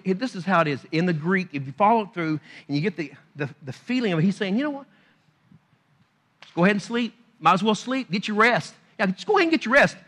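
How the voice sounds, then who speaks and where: A man preaching a sermon, moving between hushed, low passages and loud, urgent exhortation, and acting out scripture in everyday paraphrase. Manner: acts out scripture quotes in conversational paraphrase.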